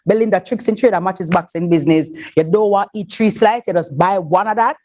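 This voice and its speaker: A woman's voice: mid-range voice, brisk, hardly any pauses, a little mellow. A woman hosting a live event, exuberant and sing-song, moving into preachy encouragement. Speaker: event host.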